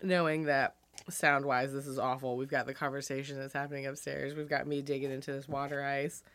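A woman's voice: rumbling low, level tone, brisk, a bit bright, no room sound. Giggly Philly woman co-hosting a podcast. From Philadelphia. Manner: giggly, storytelling. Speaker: podcast co-host. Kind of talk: casual chat. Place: on a porch.

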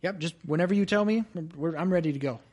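A man's voice: on the high side, normal speed, darkish tone, husky, lo-fi sound. A man playing a shy young apprentice in a tabletop role-play, stammering and unsure. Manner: hesitant, stammering.

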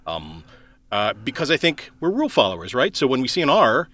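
A man co-hosting a podcast in casual chat, wry and quick to laugh as he recaps an episode. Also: mid-range voice, huge pitch swings, fairly bright tone. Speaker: podcast co-host.

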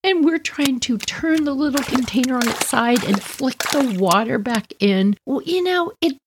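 A woman's voice: high-pitched, moderate pace, background noise. Chatty woman telling a story. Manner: animated, chatty, addresses listeners directly. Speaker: podcast host and storyteller. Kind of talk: casual storytelling.

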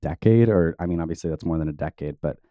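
Deep-voiced man rambling in a casual chat. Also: fast, no echo, highs cut off. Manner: loose rambling with many fillers.

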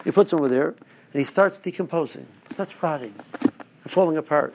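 A man's voice: a little high, lively intonation, brisk, vocal fry, slight background noise. A man, a rabbi, giving a rambling Torah talk to his listeners with stories and asides. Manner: rambling, restarts, storytelling asides.

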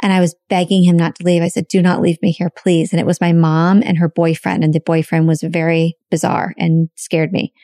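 A woman's voice: fairly low pitch, level tone, a little fast, few pauses, warm tone, no echo, clean studio sound. A woman co-hosting a podcast, telling a personal story openly and emotionally, swearing casually. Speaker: podcast co-host.

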